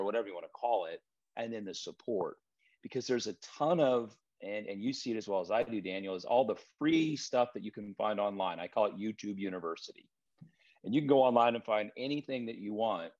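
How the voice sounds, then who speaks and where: A man speaking as a guest property trainer in a relaxed interview, telling stories with frequent restarts. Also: lowish voice. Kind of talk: casual interview chat. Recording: dull lo-fi remote recording.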